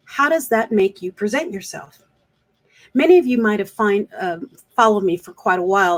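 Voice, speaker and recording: A woman speaker coach talking straight to camera in an earnest, coaching manner, repeating points for emphasis. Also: medium pitch. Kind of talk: direct-to-camera advice vlog.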